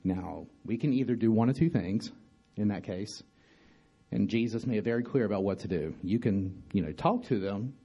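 A man giving an informal bible study talk, halting with many restarts and fillers, often asking his listeners questions. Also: on the low side, animated, warm tone, husky, highs cut off, faint music behind. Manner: conversational, asks listeners questions. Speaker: bible teacher.

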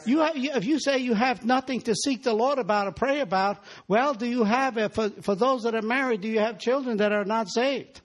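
A man's voice: very high voice, brisk, few pauses. A man preaching a sermon in a church, exhorting the congregation and calling for their responses.

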